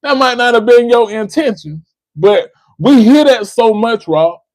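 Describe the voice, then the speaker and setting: Livestream host, American man, high-pitched and insistent, dry close sound. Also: expressive, a little slow, a little mellow, dry recording, low-quality recording. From United States. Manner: emphatic, repeats phrases, addresses a listener by name. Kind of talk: impassioned livestream commentary.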